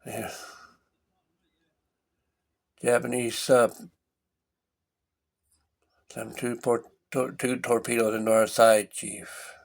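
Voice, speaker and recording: A gruff, weathered old sea-dog shark hunter, as a man puts him on rumbles out each line in a slow, low growl. The drawl is heavy and deliberate, with a grim edge. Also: flat delivery. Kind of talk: film scene impression.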